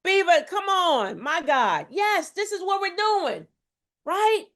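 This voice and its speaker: A middle-aged woman with a high, ringing voice, coaching an online audience on health. She talks with preacher-like emphasis, repeats her lines, and keeps checking that her listeners are with her. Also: animated, takes it slowly, fairly bright tone. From Houston, Texas. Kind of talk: live health challenge talk to viewers.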